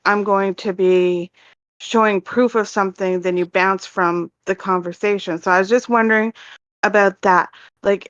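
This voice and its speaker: A woman's voice: mid-range voice, no room sound. A woman with a Canadian accent calling in and asking probing but polite questions. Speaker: caller. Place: online voice call. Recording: dull, dry lo-fi call audio.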